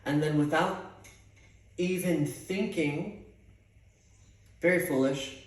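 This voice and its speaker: Animated man telling a theater story. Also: fairly high pitch, slow, distant mic. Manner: animated, dramatic, sassy asides. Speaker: theater teacher. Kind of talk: casual storytelling. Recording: echoey room, off-mic.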